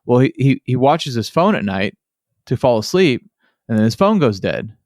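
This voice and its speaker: Man, podcast host, casual rambling talk, middle pitch, dry close sound. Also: sing-song, normal speed, a little mellow, no echo. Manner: rambling storyteller, heavy use of "like" and "you know". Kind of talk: casual interview chat.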